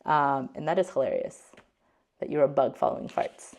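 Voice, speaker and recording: A woman's voice: rumbling low, normal speed, a little mellow. A woman hosting a casual language lesson, chatty and explaining word by word with lots of fillers. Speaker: host.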